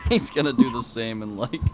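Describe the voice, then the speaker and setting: A man's voice: medium pitch, normal speed. A man playing a tabletop game, talking casually and hesitantly, often laughing. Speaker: player. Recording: dull lo-fi mic with loud noise.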